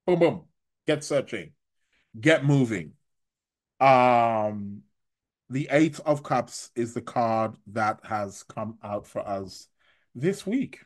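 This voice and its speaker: On his live stream, this male tarot reader and astrologer works through viewer comments in a meandering, stop-start way, frequently starting over and laughing softly. He speaks at a medium pitch with plenty of expression.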